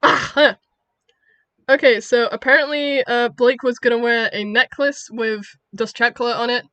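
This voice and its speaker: Giggly high-voiced young woman. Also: fairly even intonation, measured pace, a bit bright, dry recording, muffled recording. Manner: giggly and rambling. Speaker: creator of the channel. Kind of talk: casual chatty commentary. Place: her bedroom.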